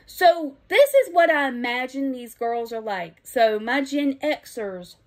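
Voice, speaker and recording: A woman's voice: high voice, unhurried, hardly any pauses. A middle-aged woman with a Southern accent, ranting bluntly and emphatically in a vlog, with frequent profanity. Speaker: vlogger. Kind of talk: impassioned opinion rant.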